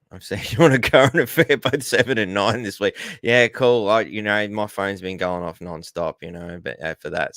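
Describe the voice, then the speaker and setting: A man's voice: fairly low pitch, fairly bright tone, no room sound, clean studio sound. A man with an Australian accent hosting a casual livestream, rambling and greeting viewers in the chat. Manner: rambling, reads out viewer comments, says g'day and mate. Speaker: livestream host.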